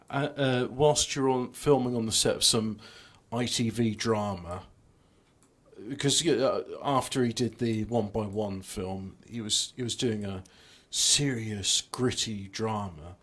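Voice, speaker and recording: A man's voice: lowish voice, a little slow, a bit bright. A man giving rambling, self-mocking commentary while playing a video game. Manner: self-mocking, trailing off, lots of restarts. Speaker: gameplay streamer.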